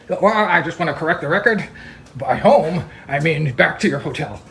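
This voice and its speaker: A man arguing heatedly on a call, ranting and mocking others in quick impressions. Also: a little high, expressive, gravelly, a little hiss or hum. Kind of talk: heated phone argument.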